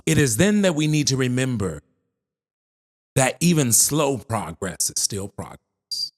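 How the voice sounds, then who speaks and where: A male motivational speaker delivers an encouraging message with slow, weighty emphasis. He pauses for drama, and his pitch rises and falls widely. He speaks directly to his listener. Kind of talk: motivational speech.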